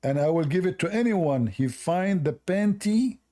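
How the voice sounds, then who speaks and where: A man who is not a hosts a call-in debate, arguing in a sarcastic, emphatic way while his voice is going hoarse. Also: sits high, animated, normal speed, mellow. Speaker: host.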